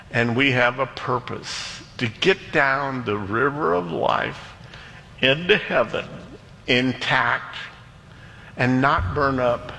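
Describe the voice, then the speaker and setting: Animated preacher man in a reverberant hall. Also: mid-range voice, takes it slowly, vocal fry. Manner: animated, voicing characters in anecdotes. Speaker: pastor. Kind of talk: sermon storytelling.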